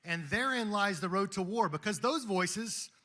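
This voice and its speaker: A man delivers a fervent speech to a live audience, full of rhetorical questions and calls to action. His voice sits fairly high and has a sharp, bright edge. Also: animated, normal speed. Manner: preaching, rhetorical, emphatic. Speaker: speaker at a Christian gathering.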